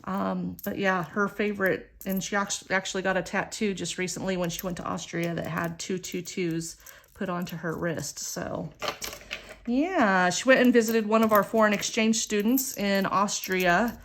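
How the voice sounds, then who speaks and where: A woman's voice: medium pitch, steady tone, moderate pace, fairly bright tone. A middle-aged woman hosting a budgeting channel, chatting casually and expressively while counting aloud through a savings game.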